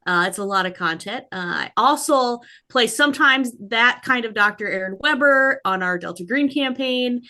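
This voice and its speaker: A woman's voice: fairly high pitch, animated, normal speed, hardly any pauses, bright, forceful tone. A woman casually introducing herself on a podcast in a cheerful, easygoing way. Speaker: podcast guest player.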